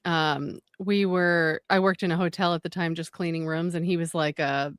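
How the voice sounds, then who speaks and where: A woman's voice: on the low side, moderate pace, clean tone, no room sound, studio quality. A woman telling a funny anecdote in a casual podcast chat, acting out the voices of the people in it. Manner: animated, acts out quoted voices. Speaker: podcast guest. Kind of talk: casual storytelling.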